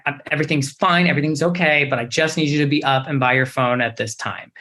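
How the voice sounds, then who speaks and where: A young adult man, an actor guest in a casual interview, telling a story in a lively, expressive way. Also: a little high.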